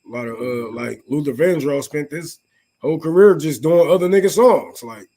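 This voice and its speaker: A man's voice: fairly high pitch, moderate pace, dark tone. A man co-hosting a casual podcast chat, blunt and profane in his opinions. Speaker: podcast co-host.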